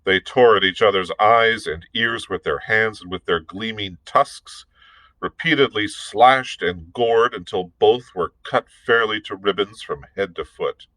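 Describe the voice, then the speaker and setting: Man, librarian, reading a novel aloud, low voice, measured and deliberate, small restarts, dry close sound. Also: sharp tone, no echo, poor audio.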